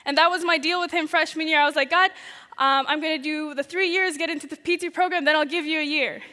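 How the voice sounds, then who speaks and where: A young woman giving a personal testimony in chapel, telling her story in an animated way with frequent laughs. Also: sits high, fast, big-room sound. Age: young adult. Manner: animated storytelling, laughing often, voices her past thoughts. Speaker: student chapel speaker. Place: large chapel.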